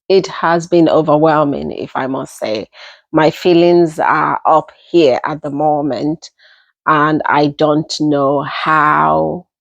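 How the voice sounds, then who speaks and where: A young woman with a Nigerian accent telling a personal story in an unhurried, casual way, often repeating herself as she goes. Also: sits low, creaky, no room sound. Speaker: storytelling vlogger.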